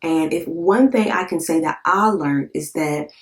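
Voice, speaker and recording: A woman's voice: deep voice, unhurried. A woman in her thirties, a vlogger, telling her personal story in a candid, emotional, conversational way, with lots of fillers and repeated words. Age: 30s. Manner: emotional, candid, swears in quoted thoughts. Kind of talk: casual storytelling to camera.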